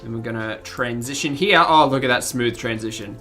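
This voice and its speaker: A woman's voice: very deep voice, brisk, a bit bright, soft background music. An Australian woman with a mild accent, chatting casually with her livestream audience and laughing often as she reads the chat. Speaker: streamer.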